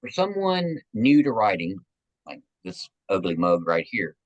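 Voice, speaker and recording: A man hosting a casual interview podcast, enthusiastic and animated as he asks questions. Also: low-pitched, unhurried, dry recording, lo-fi sound. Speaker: podcast host.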